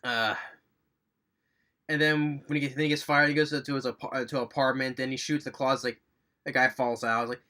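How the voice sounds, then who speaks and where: A man's voice: mid-range voice, steady tone, brisk, bright, forceful tone. A man giving a casual, rambling movie review, recapping scenes with enthusiasm and little chuckles.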